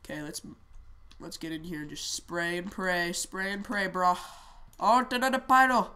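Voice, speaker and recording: Playing a shooter game, this woman keeps up an excitable, casual running commentary in a smooth, fairly low-pitched voice. Her talk comes in quick bursts, frequently shouted and full of repeated words.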